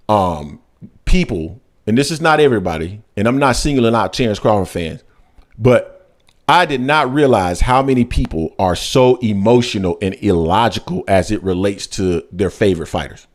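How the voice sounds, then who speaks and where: A man with hosts a live boxing stream from his basement. He jumps from heated, high-pitched rants down to low asides. His pitch swings widely as he argues and reads comments. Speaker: host of a boxing channel. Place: home basement.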